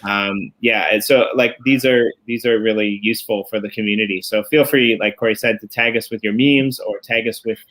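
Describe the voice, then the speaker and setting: A man's voice: on the low side, fairly even intonation, brisk, few pauses, a bit bright. A man co-hosting a casual podcast chat, rambling with many fillers. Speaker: show co-host.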